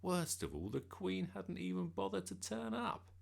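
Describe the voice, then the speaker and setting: A man reading a children's storybook aloud, lively and expressive. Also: high-pitched, moderate pace, creaky, husky. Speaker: narrator.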